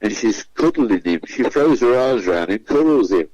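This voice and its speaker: A man's voice: medium pitch, animated, moderate pace, darkish tone, dry recording, highs cut off. A man, a comedian telling chatty anecdotes in a radio interview and acting out the voices of the people he quotes. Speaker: guest comedian. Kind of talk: anecdotal storytelling.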